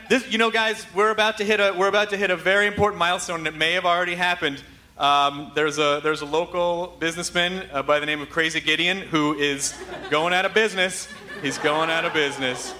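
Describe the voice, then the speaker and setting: A man's voice: high-pitched, sharp tone. A man hosting a live podcast in front of an audience, talking in a hyper, rambling, profane way. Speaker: podcast host. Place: live theater stage with audience. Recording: live venue with audience noise.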